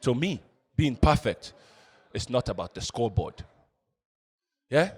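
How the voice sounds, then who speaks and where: A man reading a male football coach's motivational speech slowly and solemnly, with deliberate pauses. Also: mid-range voice, very animated, a little mellow, breathy edge, long reverb tail.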